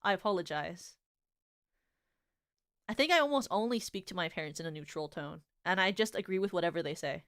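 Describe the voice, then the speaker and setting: A woman's voice: fairly low pitch, fast, hardly any pauses, dry recording, studio quality. A young woman streamer chatting casually, rambling with many filler words and restarts, and laughing as she tells stories. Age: young adult. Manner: animated, giggly storytelling. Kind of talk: casual chat.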